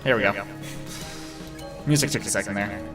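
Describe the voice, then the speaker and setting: A man's voice: fairly low pitch, moderate pace. Man making chatty gameplay asides. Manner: chatty, laughing asides, filler "uh". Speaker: streamer, gamer. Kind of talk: casual gameplay commentary. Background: faint game music.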